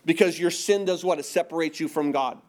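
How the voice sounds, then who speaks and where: A man's voice: fairly high pitch, brisk, darkish tone. A middle-aged male pastor preaching a sermon, asking rhetorical questions and repeating words for emphasis.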